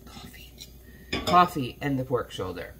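A woman's voice: low-pitched, moderate pace, a crowd in the background, poor audio. A tired woman just out of bed, chatting casually in a vlog while hurrying around her home kitchen. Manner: rambling, talks while hurrying about the kitchen. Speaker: cooking vlogger. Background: faint coffee machine hiss.

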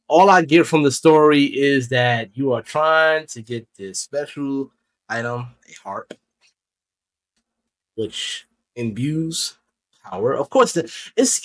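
A man's voice: fairly high pitch, lively intonation, slow pace. A young man casually reviewing a video game as a channel host, chatty and rambling, correcting himself as he goes. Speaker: gaming YouTuber.

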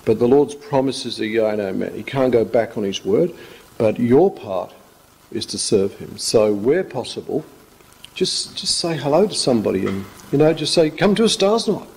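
Husky pastor in an echoing hall. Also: male voice, medium pitch, lively intonation, moderate pace, darkish tone. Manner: rambling, joking anecdotes. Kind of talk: informal sermon talk. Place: church hall. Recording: echoey church hall.

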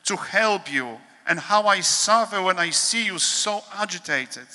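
Slow, bright-voiced priest in a large hall. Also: male voice, high voice, animated. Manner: slow, measured, solemn reading with pauses. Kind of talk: reading a devotional meditation at a holy hour.

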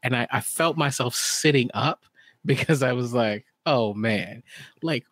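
A man's voice: mid-range voice, moderate pace, fairly bright tone, no room sound. A man co-hosting a podcast, talking in a mid-range voice. He rambles, restarts his sentences and acts out his own reactions. The recording is dry and close. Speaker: podcast co-host. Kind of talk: casual podcast chat.

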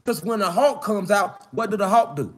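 A man delivering a slang-heavy, preaching-style monologue outdoors, building to shouted emphasis. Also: sits high, animated, normal speed. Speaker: online spiritual speaker. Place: outdoors in the mountains.

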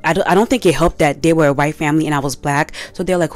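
A young woman vlogger telling a story in a casual, animated, slangy way. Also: deep voice, fast, hardly any pauses. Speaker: commentary vlogger. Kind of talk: casual commentary.

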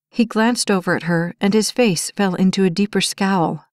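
This audiobook is narrated by a woman with a medium-pitched voice, her storytelling even and measured. The recording is dry and studio quality.

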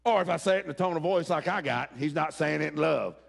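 A man preaching a sermon, talking folksy and direct with the congregation and rising to shouts. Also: on the high side, quick pace, gravelly, slightly rough. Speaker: pastor.

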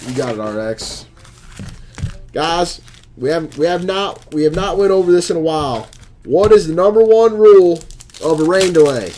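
A man's voice: on the high side, animated, moderate pace, noisy background. A man hosting a live stream, opening packs of cards and chatting with viewers as he calls out each card.

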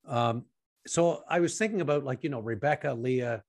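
A man from Canada hosting a podcast interview, asking long, halting questions that trail off quietly. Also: mid-range voice, no room sound, studio quality. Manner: halting, many fillers and restarts, trails off quietly. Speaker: podcast host.

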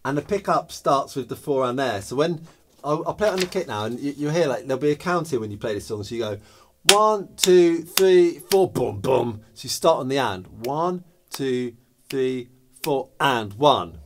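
A man's voice: medium pitch, lively intonation, brisk, slight background noise. A man teaching a drum lesson, explaining patiently step by step and counting rhythms aloud and beatboxing the patterns.

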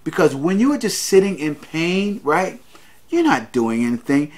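A man's voice: on the high side, sing-song, unhurried, darkish tone. A man hosting a podcast, giving an earnest motivational monologue, repeating his key lines and calling his listeners guys. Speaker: podcast host.

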